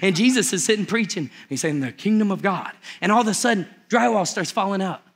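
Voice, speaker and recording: A man's voice: high-pitched, lively intonation, brisk. A male pastor preaching a sermon in church, telling a story with humor and acting out its characters.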